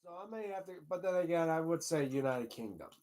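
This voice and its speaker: A man with a slightly higher-than-usual voice hosts a livestream in a loose, rambling way. He wanders between thoughts, restarts often and drops casual curse words. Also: lively intonation, a little fast, darkish tone. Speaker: livestream host.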